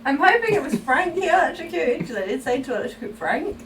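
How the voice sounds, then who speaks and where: A woman's voice: high voice, very animated, fast talker, recorded from a distance, a little hiss or hum. A woman player in a tabletop game, bossy and teasing in casual chat.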